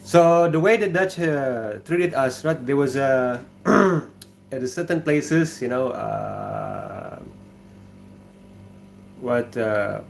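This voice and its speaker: Reading viewers' comments aloud, a man from Indonesia hosts a laid-back kitchen livestream, talking in a relaxed, halting manner with an Indonesian accent. His mid-range voice is creaky, and there's slight background noise.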